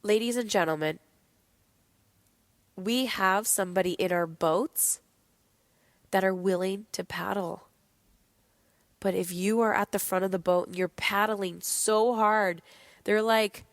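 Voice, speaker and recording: A woman's voice: mid-range voice, measured pace, pauses often, dry recording, clean studio sound. A woman hosting a podcast, talking candidly and bluntly with lots of swearing while she is sick. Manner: blunt, profane, animated. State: sick, low energy. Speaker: podcast host. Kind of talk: candid motivational monologue.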